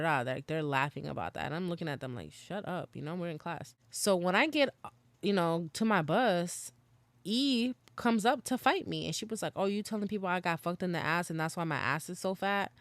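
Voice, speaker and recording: Young female podcast host; smooth, resonant voice; casual, profane, confessional storytelling. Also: low-pitched, no room sound. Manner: casual slangy, swears, laughs while recounting. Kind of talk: candid storytelling monologue.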